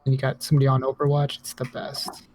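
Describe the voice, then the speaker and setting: A man playing in a tabletop game, talking in a relaxed, easygoing way. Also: mid-range voice, quick pace, a crowd in the background. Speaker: player. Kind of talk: casual tabletop game chat.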